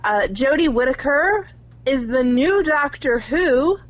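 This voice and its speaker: A woman's voice: high-pitched, expressive, slow pace, muffled recording. Giggly young woman co-hosting a podcast. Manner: giggly, chatty, reads out film facts. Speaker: podcast co-host. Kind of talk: casual chat.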